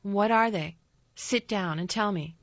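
A woman voicing an imperious, spoiled young boy who gives slow, demanding orders. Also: mid-range voice, no room sound. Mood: curious. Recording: slightly dull dry recording.

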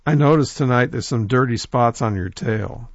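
A man voicing a sly, smooth-talking male rabbit trickster who flatters and coaxes in a folk tale. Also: mid-range voice, moderate pace, no echo, highs cut off, close to an everyday voice. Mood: flattering. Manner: coaxing, flattering, persuasive.

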